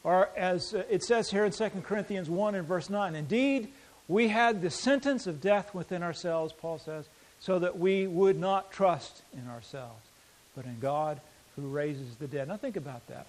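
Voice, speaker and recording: Male pastor, fairly high voice, sermon delivery with dynamic swings between loud and hushed. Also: rough recording. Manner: dynamic, swings from loud emphasis to quiet intensity; reads scripture aloud slowly.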